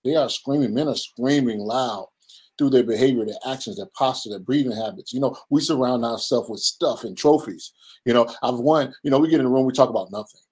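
A man in his fifties who is a pastor and leads a men's ministry talks earnestly in a conversational interview, with a preacherly manner and the voices of the people he quotes acted out. His voice is medium in pitch and brisk, with a darkish tone and a breathy edge, on a low-quality recording.

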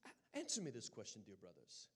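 A man's voice: on the low side, huge pitch swings, a little fast, fairly bright tone, husky, full character voice. A man voicing a small, elderly British missionary woman who fervently calls her listeners dear brother. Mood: earnest.

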